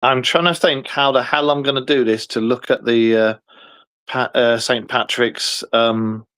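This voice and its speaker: An English-accented man hosting a loose podcast chat, his pitch sitting in an ordinary middle range. He rambles from one thing to the next and swears without a second thought. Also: fairly even intonation, measured pace, fairly bright tone, clean tone. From England. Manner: chatty, swears freely, rambles. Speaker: podcast host. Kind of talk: casual chat.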